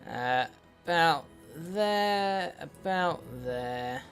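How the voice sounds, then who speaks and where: A man's voice: fairly high pitch, lively intonation, very slow, a bit bright. A man giving casual game commentary as a let's play host, muttering to himself with wry, sweary asides. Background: faint in-game music.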